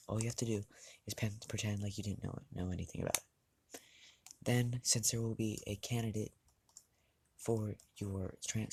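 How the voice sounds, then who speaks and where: A man voicing an anxious, protective mother of a teenage boy in a read-aloud fan story, pleading and halting with restarts. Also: on the low side, slight background noise, natural voice.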